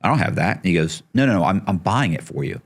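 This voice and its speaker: A man's voice: low-pitched, very animated, quick pace, husky. A middle-aged man telling a story as a podcast guest, acting out the people he quotes and swearing casually.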